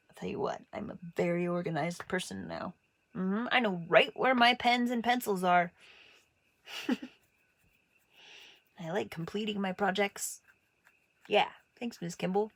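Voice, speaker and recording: A woman casually telling stories about her childhood, acting out other people's voices with big jumps in her pitch. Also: dry recording. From Montana. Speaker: artist telling her life story. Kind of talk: casual personal storytelling.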